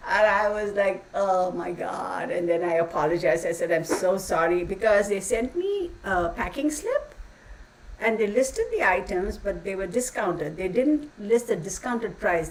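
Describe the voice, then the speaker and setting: Ranting casually to her channel, a woman host sounds blunt and exasperated, occasionally swearing and using folksy insults. Her medium-pitched voice is very animated at normal speed, captured from a distance on a rough recording.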